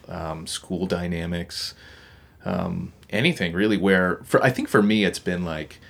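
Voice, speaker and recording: A man's voice: deep voice, vocal fry, fairly bright tone. A young man co-hosting a podcast, talking casually in a rambling, hesitant way with many restarts. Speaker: podcast co-host. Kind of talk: casual conversation.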